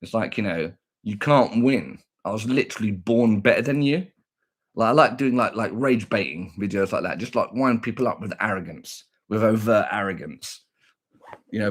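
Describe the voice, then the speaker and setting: A man's voice: fairly low pitch, moderate pace, husky. A man chatting casually on a livestream, playful and boastful, with teasing sing-song asides. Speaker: livestream vlogger.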